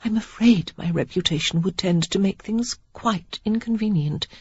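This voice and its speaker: A reader voicing a young woman posing as a notorious beauty, speaking low and throaty in a coy, teasing way. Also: moderate pace, slightly rough, dry recording, highs cut off.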